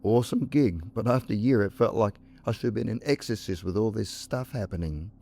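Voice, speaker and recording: A low-voiced man reads spooky first-person stories in a measured way. He lets short pauses hang before the eerie moments of each tale. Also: gravelly, dark tone, faint music behind. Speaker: narrator. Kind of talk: scripted ghost story narration.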